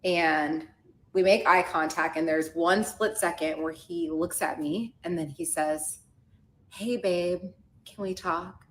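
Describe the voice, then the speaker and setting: A woman's voice: low voice, steady tone, unhurried, echoey room. A woman podcast host candidly retelling a personal story and acting out the quoted dialogue.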